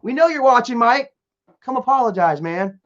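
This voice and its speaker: A man's voice: extremely high pitch, lively intonation, normal speed, fairly bright tone. A young man live streaming, rambling and repeating himself while reading out viewer comments, often stumbling and restarting. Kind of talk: casual live stream chat. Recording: dull lo-fi stream audio.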